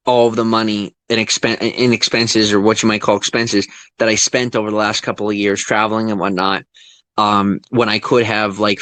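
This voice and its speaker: Angry, swearing young man, dry sound. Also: no room sound. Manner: angry, profane, swings from low muttering to loud high outbursts; rambling with restarts. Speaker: vlogger. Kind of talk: emotional unscripted rant to viewers.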